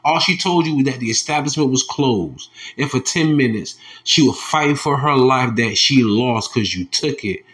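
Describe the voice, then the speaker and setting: A heated male preacher, who reads scripture in a low, slow voice and then breaks into angry, mocking street talk. He curses freely and scoffs as he preaches. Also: fairly bright tone. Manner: heated, profane, mocking, drops to low tones reading verses. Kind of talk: scripture commentary with angry asides.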